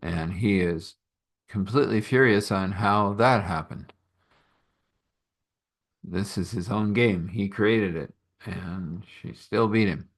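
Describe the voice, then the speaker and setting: Low-voiced man telling a story. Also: takes it slowly. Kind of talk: spoken storytelling.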